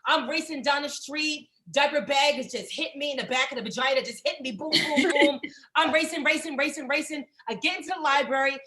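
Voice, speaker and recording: A high-voiced young woman telling a stand-up story over a video call. She is brash and profane and jumps into the voices of the people in her tale. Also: brisk, pushed and bright. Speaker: stand-up comedian.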